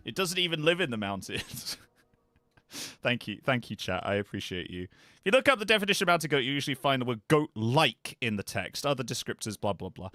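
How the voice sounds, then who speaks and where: A man's voice: mid-range voice, sharp tone, dry recording. A man live-streaming and chatting casually with his viewers, animatedly reading web pages aloud with offhand asides.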